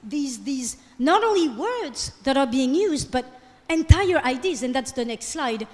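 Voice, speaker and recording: Female lecturer, high voice, lively, long hall reverb. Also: unhurried. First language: French. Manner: lively, keeps asking "okay?". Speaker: guest lecturer. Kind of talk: classroom lecture.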